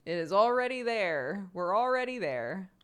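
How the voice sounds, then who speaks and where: A woman's voice: medium pitch, very animated, normal speed, fairly bright tone, clean tone. An American woman streamer chatting casually while she plays, laughing often. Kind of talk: casual chat while gaming.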